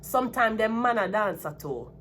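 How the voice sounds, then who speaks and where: A woman's voice: a little high, big pitch swings, normal speed, fairly bright tone, a little hiss or hum. A woman from Jamaica with a Jamaican accent giving a tarot reading, breaking into a blunt, profane rant. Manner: heated ranting, blunt and profane. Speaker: tarot reader. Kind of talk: casual tarot reading vlog.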